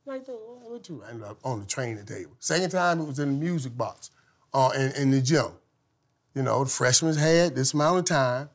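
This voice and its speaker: A man telling stories as a guest, animated and laughing, swinging from loud outbursts to hushed tones. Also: mid-range voice, brisk. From from Saint Thomas. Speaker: guest, former football player. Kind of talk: casual storytelling.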